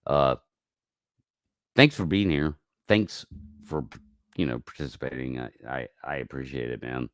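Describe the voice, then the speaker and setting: A man hosting a casual livestream, talking in a rambling, profane way that swings from mumbled asides to loud outbursts, on a close mic. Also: rumbling low, unhurried, pauses often, no echo. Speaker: livestream host.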